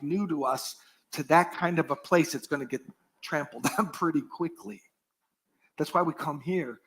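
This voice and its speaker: A middle-aged male pastor giving an earnest sermon, shifting often from strong emphasis down to soft, almost whispered phrases. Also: fairly high pitch. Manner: earnest, varied dynamics, drops to soft near-whispers.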